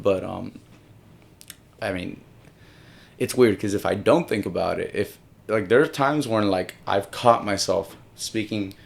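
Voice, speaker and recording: A man's voice: lowish voice, creaky. A young man from Miami rambling casually on camera, with many restarts and some swearing, moving between English and Spanish. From Miami, Florida. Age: young adult. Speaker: solo video host. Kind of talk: casual monologue.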